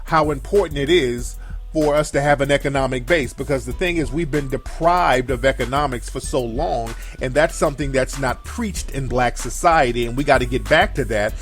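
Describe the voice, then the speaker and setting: A man's voice: mid-range voice, normal speed, soft background music. A man hosting a live call-in show, ranting bluntly and with plenty of profanity. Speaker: show host taking calls and chat. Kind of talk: casual live commentary.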